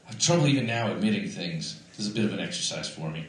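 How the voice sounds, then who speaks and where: On a comedy club stage, a Canadian man performs a rambling, self-deprecating stand-up set full of fillers, speaking rapid-fire with few pauses. His low voice is expressive, picked up from a distance in an echoey room with some hiss or hum and an audience laughing.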